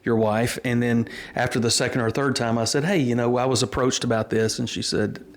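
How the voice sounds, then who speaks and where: Earnest pastor telling a story. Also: male voice, medium pitch, fairly even intonation. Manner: earnest, unhurried storytelling with frequent restarts. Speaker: pastor and interview guest. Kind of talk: storytelling in a casual interview.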